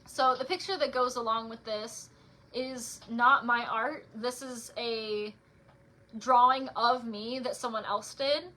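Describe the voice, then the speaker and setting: A young woman chatting casually and reading her own poems aloud on a livestream, with lots of "like" fillers between softer, quieter poem readings. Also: on the high side, steady tone, slow pace. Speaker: author reading her poetry.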